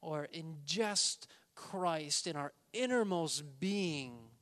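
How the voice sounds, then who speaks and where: A man preaching a sermon, emphatic, slowing down and stressing key words. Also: a little high, expressive, fairly bright tone. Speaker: pastor.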